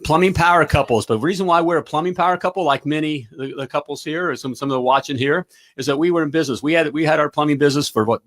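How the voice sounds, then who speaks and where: A middle-aged man hosting a live talk show, giving an energetic pep talk and checking in often with "all right?". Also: a little high, quick pace, hardly any pauses. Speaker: talk show host and plumbing business coach.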